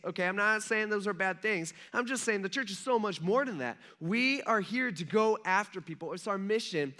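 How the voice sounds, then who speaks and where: A man's voice: sits high, pushed and bright. A male pastor preaching a casual, conversational sermon, retelling a scripture story in everyday talk. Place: church.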